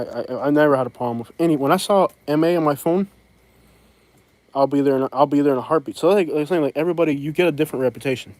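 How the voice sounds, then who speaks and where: Middle-aged man, Boston accent, loose blunt livestream talk, mid pitch, dry close sound. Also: a little mellow, no echo, rough recording. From from Boston area. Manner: rambling, blunt, talks to viewers. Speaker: livestream host. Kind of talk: casual livestream chat.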